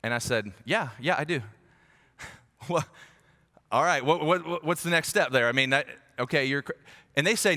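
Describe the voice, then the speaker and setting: A man preaching a conversational, animated sermon as a pastor, acting out quoted voices. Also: fairly high pitch, normal speed, long pauses. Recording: long hall reverb.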